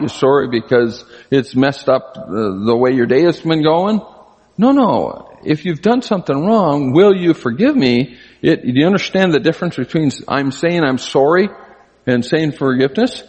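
An older man delivers a conversational sermon with a husky, slightly breathy voice. He talks earnestly and his voice jumps up high when he stresses a point. The sound trails off in a long hall reverb. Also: expressive, normal speed, a little mellow. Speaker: preacher.

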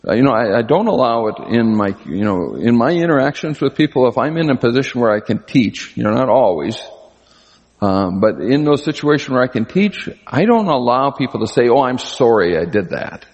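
Older husky-voiced man preaching in a reverberant hall. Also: big pitch swings, a little fast, a little mellow, muffled recording. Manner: earnest, conversational, pitch jumps up for emphasis. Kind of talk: sermon.

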